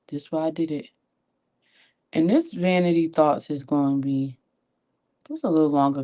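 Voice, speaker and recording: A woman with a low, mellow voice talks through her makeup at a home vanity, recorded on a tablet. She is animated and encouraging, full of folksy asides, as she chats to her viewers. It comes across as a personal motivational chat. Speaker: beauty vlogger and sales consultant. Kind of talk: chatty motivational talk while doing makeup. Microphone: tablet camera at her vanity.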